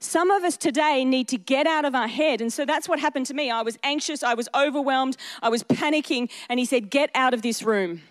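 A woman's voice: sits high, fairly quick, few pauses. Earnest woman preaching a sermon. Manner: earnest, emphatic, conversational preaching with repeated phrases.

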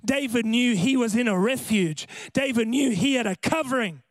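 A man preaching a sermon at a church service, impassioned and building to shouts. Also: very high voice, normal speed, dry recording. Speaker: pastor. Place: church service with worship band. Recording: music playing behind.

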